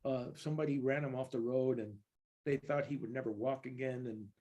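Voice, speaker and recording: This guest percussionist from East Los Angeles, California, speaks briskly in a medium-pitched, steady, dark voice. In a casual interview he rambles through anecdotes, restarting and using fillers often, laughing occasionally as he tells them.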